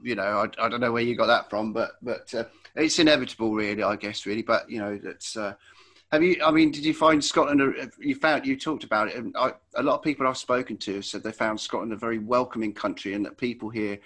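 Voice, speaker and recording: A man's voice: mid-range voice, fast talker, a bit bright. An English man hosting a podcast, asking long, rambling questions with many hesitations. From England. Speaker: podcast host. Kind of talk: casual interview.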